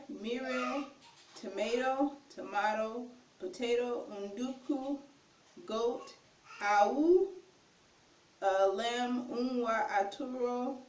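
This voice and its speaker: A woman tutor with a slightly high voice runs a casual vocabulary lesson, repeating each word slowly and carefully. She talks at an unhurried pace and admits when she is unsure of a pronunciation. She sits back from the mic, and the room gives her voice a noticeable echo. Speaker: language tutor. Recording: echoey room, far from mic.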